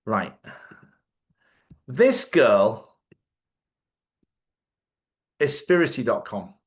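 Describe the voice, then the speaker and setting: A man's voice: mid-range voice, huge pitch swings, extremely slow. A man hosts a loose, rambling live-stream chat in an everyday voice, sitting in the middle of the usual male range. He talks off the cuff, swears without thinking, and breaks into laughter between remarks. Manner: chatty, joking, swears freely, laughs often. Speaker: host.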